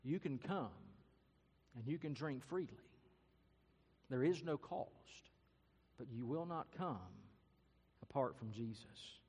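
A man's voice: medium pitch, takes it slowly, long pauses, husky, long reverb tail. A man preaching a sermon and telling a story earnestly and dramatically. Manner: earnest, dramatic, varies loudness and pace. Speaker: pastor.

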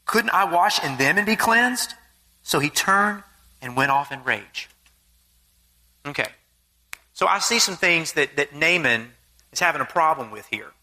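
A man preaching a sermon, reading scripture aloud and then explaining it in an earnest, plain way, clearing his throat now and then. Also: high voice, pushed and bright.

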